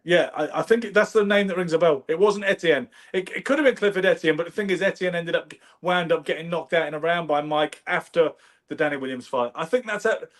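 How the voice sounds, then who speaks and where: A man telling stories in casual conversation, animated and anecdotal. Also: on the high side, a little fast. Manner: animated, anecdotal, does brief impressions. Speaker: podcast host.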